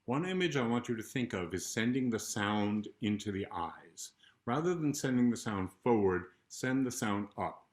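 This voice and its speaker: An older man, a choral conductor, calmly explaining a vocal warm-up to singers. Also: mid-range voice, moderate pace. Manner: calm explanatory coaching, breaks into sung demonstrations. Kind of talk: vocal warm-up instruction with demonstrations. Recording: roomy sound with loud piano accompaniment.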